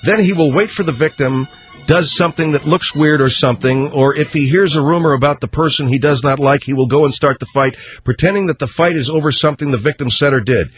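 This fast-talking radio host reads listener mail aloud, with faint music playing behind him. His asides are sarcastic and full of wisecracks, and his pitch drifts while he reads the letters.

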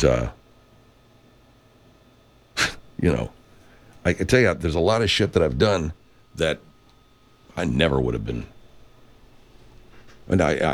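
Middle-aged male podcast host, very low voice with lively swings, casual and profane, rambling with lots of restarts. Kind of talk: casual reflective monologue.

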